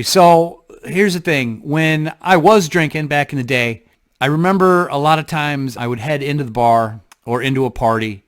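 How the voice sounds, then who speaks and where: Man musing in a halting vlog. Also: mid-range voice. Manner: halting, thoughtful, frequent restarts. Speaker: vlogger. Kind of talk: reflective casual monologue to camera.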